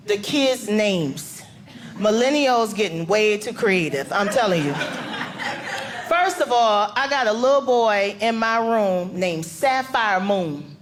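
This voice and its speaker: A woman's voice: fairly high pitch, expressive, measured pace, slight background noise. A woman doing a stand-up set in a club, telling stories in a sassy, emphatic way. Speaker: stand-up comedian. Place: comedy club stage.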